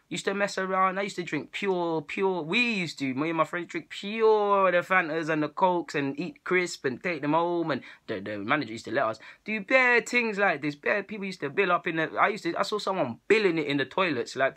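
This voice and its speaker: Fast, bright-voiced young man. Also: on the high side. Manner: animated, slangy, laughs at his own stories. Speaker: vlogger. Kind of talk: casual storytelling to camera.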